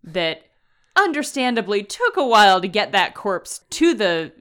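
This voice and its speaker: Clear-voiced woman chatting about a book. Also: mid-range voice, sing-song, a little slow, fairly bright tone. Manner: chatty, retells plot with dry asides and laughs. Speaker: podcast co-host. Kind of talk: casual book discussion.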